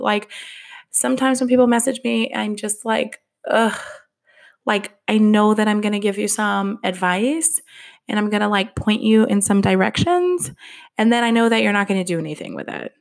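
A woman's voice: mid-range voice, normal speed, gravelly. A woman hosting her own podcast in casual solo chat, out of breath and candid, laughing at herself. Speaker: podcast host. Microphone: podcast microphone.

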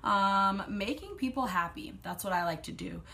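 A woman's voice: medium pitch, animated, normal speed, vocal fry, sharp tone, a little hiss or hum. A young adult woman hosting her own podcast, rambling casually, swearing freely and sometimes dropping to a whisper. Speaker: podcast host. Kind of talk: casual solo podcast monologue.

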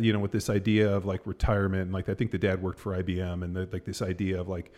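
A man's voice: low voice, flat delivery, fast, few pauses, a little mellow. A man in his forties telling a story in casual chat, rambling with lots of fillers and blunt swearing.

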